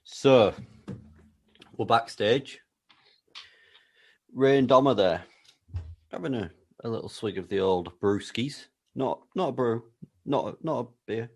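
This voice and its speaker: A man co-hosting a podcast, building an absurd story with a deadpan, playful delivery. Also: mid-range voice, slow pace, pauses often, breathy edge. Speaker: podcast co-host. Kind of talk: comedic storytelling chat.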